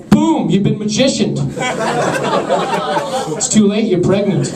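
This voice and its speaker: Deadpan young man doing stand-up in an echoey club. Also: high-pitched, a little slow, long pauses, far from the mic, a loud crowd, very noisy. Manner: deadpan, awkward, self-deprecating delivery. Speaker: stand-up comedian. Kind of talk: stand-up comedy set. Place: comedy club stage with a laughing crowd.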